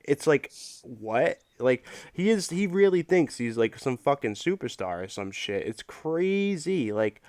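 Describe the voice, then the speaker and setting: A man's voice: medium pitch, very animated, a little mellow, no room sound, clean studio sound. A man hosting a livestream, ranting in casual, profane chat full of fillers. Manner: profane, rambling, fast-talking rant. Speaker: livestream host.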